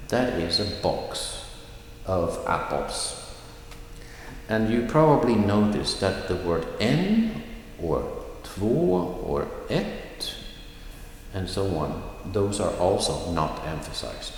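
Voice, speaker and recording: Slow-speaking man in an echoey room. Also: deep voice, expressive, slight background noise. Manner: slow, careful, repeats example phrases. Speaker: language teacher. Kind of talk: recorded pronunciation lesson. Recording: echoey room with long reverb.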